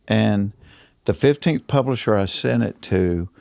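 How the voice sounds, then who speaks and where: A middle-aged man with a Georgia Southern accent, with a gravelly edge to his voice. He tells stories in a loose, animated way and jumps up in pitch when he acts out other people. The sound is close and dry. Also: moderate pace, dry recording. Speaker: guest comedian. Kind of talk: casual storytelling chat.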